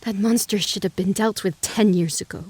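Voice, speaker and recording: A woman's voice: medium pitch, normal speed, darkish tone, breathy edge, dry recording, close to an everyday voice. A woman voicing a grieving, indignant older woman with a Swedish accent, who spits out bitter words. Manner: spitting bitter words, pleading.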